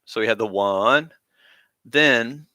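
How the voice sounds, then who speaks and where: Speaking slowly in a mid-range voice, this live-streaming band teacher sounds bright and forceful, recorded with studio quality and no room sound. He rambles casually through rhythm explanations, using lots of fillers.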